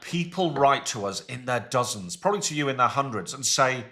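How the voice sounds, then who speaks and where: A man's voice: mid-range voice, lively intonation, a little fast, pushed and bright. A man co-hosting a live football watchalong, chatting and calling the play as it happens. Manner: calls the match play by play between chat. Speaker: co-host.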